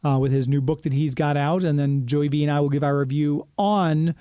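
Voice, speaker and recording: A man's voice: on the high side, fairly even intonation, brisk, warm tone, smooth, no echo, clean studio sound. A man hosting a radio show, chatting casually and reading a sponsor spot with plenty of fillers.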